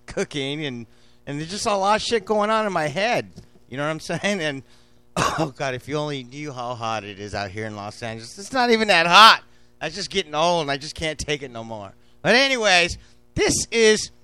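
Excitable, crude male cooking-show host with a high, dry, close voice. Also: clean tone, dry recording. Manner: rambling, crude and excitable, with sudden loud bursts. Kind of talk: casual cooking talk. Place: outdoors at a barbecue.

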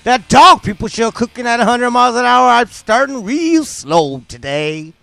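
A man hosting a comic cooking show, loud and rambling as he jokes through a recipe. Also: extremely high pitch, lively intonation, moderate pace, vocal fry, dry recording.

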